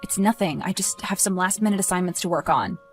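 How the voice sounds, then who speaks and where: A woman voicing a stressed teenage high school boy who talks tensely and pleads, then snaps into anger. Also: fast, faint music behind, lightly acted.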